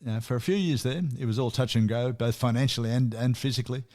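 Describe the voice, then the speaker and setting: A man's voice: mid-range voice, quick pace, a little mellow. A man presenting a music segment on a radio chat show, telling anecdotes and often chuckling at his own stories.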